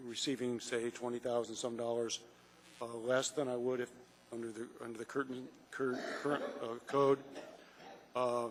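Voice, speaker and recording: A man on a city assembly, speaking haltingly with lots of ums and a dry joke. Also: medium pitch. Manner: hesitant, many fillers, dry humor. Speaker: assembly member. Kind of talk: public meeting remarks. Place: council chamber. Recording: reverberant council chamber with faint hum.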